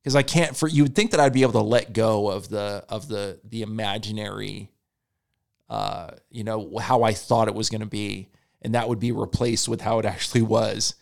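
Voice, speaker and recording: A man and stand-up comedian in casual podcast chat, rambling, repeating words, swearing and quoting people in quick asides. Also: lowish voice, fairly even intonation, gravelly.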